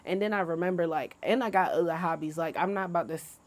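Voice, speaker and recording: A woman co-hosting a podcast in casual chat, hoarse and coughing from a cold, laid-back and profane. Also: fairly low pitch, fairly even intonation, fast. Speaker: podcast co-host.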